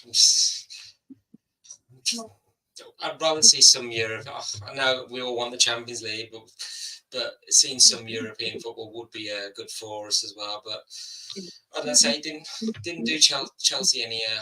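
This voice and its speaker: A man's voice: medium pitch, steady tone, measured pace, bright, forceful tone, far from the mic, rough recording. A man speaking as a guest on a casual fan panel, rambling and repeating himself.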